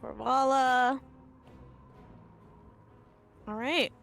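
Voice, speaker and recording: Woman game master, easygoing, lots of ums, talks slowly. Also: high-pitched, vocal fry, soft background music. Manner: relaxed, hesitant with many ums. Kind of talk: narrating a tabletop game on a live stream.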